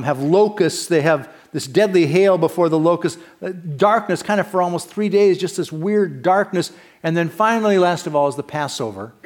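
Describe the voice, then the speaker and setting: Man, senior pastor type, slightly raised pitch; chatty storytelling sermon, sinks soft and low for the heavy parts. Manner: conversational storytelling with fillers and restarts.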